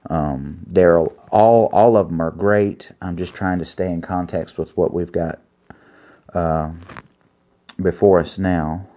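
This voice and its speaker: A man preaching an earnest sermon, pausing to find his place and reading scripture aloud. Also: low voice, steady tone, mellow. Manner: earnest, reads scripture aloud with pauses while finding pages.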